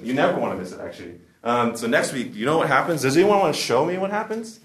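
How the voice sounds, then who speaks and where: A man with a medium-pitched, animated voice speaks briskly to a live audience at a forum. He tells humorous stories in a conversational way with lots of restarts, and the sound carries a roomy echo.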